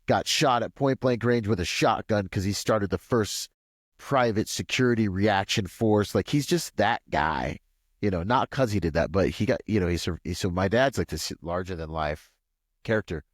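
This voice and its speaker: A man from Washington State, a podcast guest, telling a long personal story in a rambling, animated way full of "like" and "you know.". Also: normal speed, dry recording, studio quality. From Washington State, USA. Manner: acts out quoted voices with pitch jumps. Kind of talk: casual storytelling interview.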